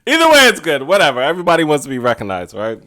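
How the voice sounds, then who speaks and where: A man's voice: a little high, wildly swooping pitch, rapid-fire, pushed and bright. A man hosting a podcast, telling rambling stories in a casual way and laughing often. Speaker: podcast host. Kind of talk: casual storytelling monologue.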